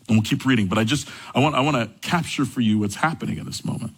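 A young adult man preaching a sermon, telling stories with animated energy. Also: fast, slightly rough, rough recording. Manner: animated storytelling, rising high when excited. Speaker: pastor.

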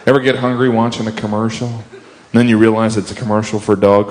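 A man's voice: lowish voice, level tone, a little fast, noisy background. A man doing a self-mocking stand-up routine, slipping into quoted voices as he goes. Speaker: stand-up comedian.

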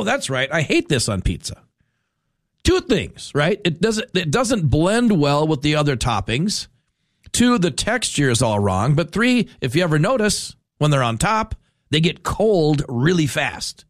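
A man hosting a talk radio show, rambling and animated in a casual rant. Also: fairly high pitch, dry recording, clean studio sound. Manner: rambling, animated, self-interrupting.

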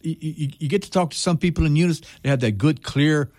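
A man's voice: fairly high pitch, fast talker, a little mellow, no room sound, clean studio sound. A man hosting a local radio show, talking casually with friendly hesitations and restarts. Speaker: radio host. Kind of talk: radio interview conversation. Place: radio studio.

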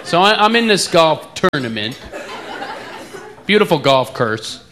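A man's voice: fairly high pitch, very animated, unhurried. A man from the eastern United States with an East Coast accent doing a chatty stand-up routine about his accent. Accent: East Coast American. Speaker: stand-up comedian. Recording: live club recording with loud crowd and noise.

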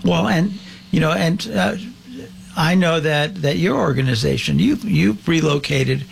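Gravelly halting male talk show host. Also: fairly high pitch, a little hiss or hum. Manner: halting, many fillers and restarts. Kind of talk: casual talk show hosting.

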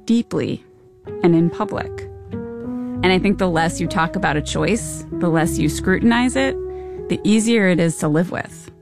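A woman host delivering scripted podcast narration in a measured voice with pointed rhetorical questions. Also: lowish voice, creaky, music in the background.

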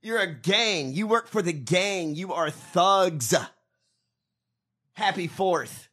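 Podcast co-host, man, high bright voice, profane and mocking. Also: slow pace. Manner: profane, mocking, laughs often. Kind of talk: casual political chat.

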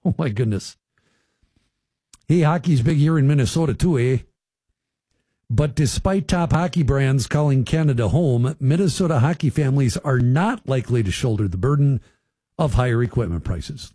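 A man hosting a talk radio show from a studio, chatting with listeners in a loose, folksy way. His voice sits on the darker, mellow side with a husky edge. The sound is close and dry. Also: medium pitch, animated, normal speed, no echo. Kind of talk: casual radio talk commentary.

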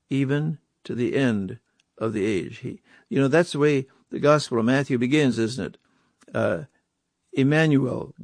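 A man's voice: medium pitch, darkish tone, dry recording, clean studio sound. A man preaching a sermon, emphatic, often asking the listeners rhetorical questions.

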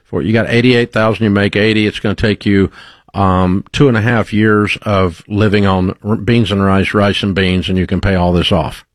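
A man hosts a call-in advice show, talking bluntly and with coaching emphasis. His voice sits a little low, and the sound is dry and close. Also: steady tone, moderate pace, no echo. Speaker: radio show host giving money advice.

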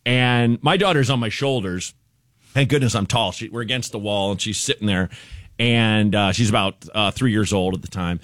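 A man's voice: fairly low pitch, dry recording. Man telling a comic story, dry studio. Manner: animated, rambling anecdote with quick asides. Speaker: guest comedian. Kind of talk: comic storytelling on a radio show.

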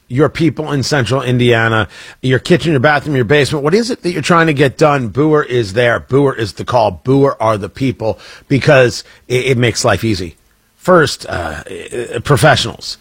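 Husky, energetic male radio host. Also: mid-range voice, no echo. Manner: energetic, emphatic, repetitive. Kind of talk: live radio ad read and commentary.

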